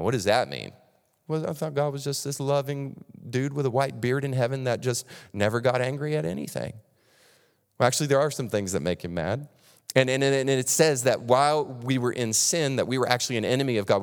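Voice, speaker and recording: A man in his thirties preaches with lively, animated delivery, often restarting his sentences and acting out quotes in other voices. His medium-pitched voice carries a long reverb from a large hall. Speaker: pastor. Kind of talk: sermon.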